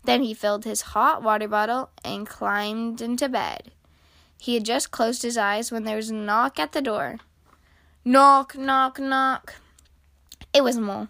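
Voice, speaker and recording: A woman reads a children's storybook aloud, lively and expressive. Her voice is bright and a little high, recorded close and dry. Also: moderate pace, gravelly, dry recording. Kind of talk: reading a picture book aloud.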